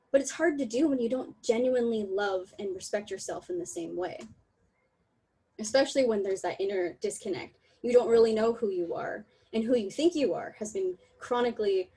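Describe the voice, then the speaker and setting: A young woman giving a candid, emotional online talk over a video call, laughing often and apologizing in quick asides. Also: a little high, dark tone, breathy edge, low-quality recording. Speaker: talk presenter.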